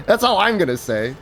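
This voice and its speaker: Rambling streamer with a lively voice. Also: mid-range voice. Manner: rambling, many fillers and restarts, laughs at own stories. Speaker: game streamer. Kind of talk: casual livestream chat while gaming.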